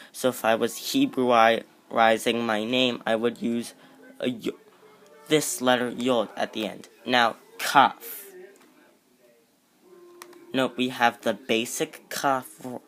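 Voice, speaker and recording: Slow-talking man teaching letters casually. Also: mid-range voice, fairly bright tone. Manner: unhurried, self-correcting, with jokey asides. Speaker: amateur teacher. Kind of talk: casual informal lesson.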